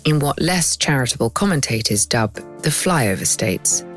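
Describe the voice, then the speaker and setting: A woman host giving measured, wry scripted narration. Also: very deep voice, expressive, faint music behind.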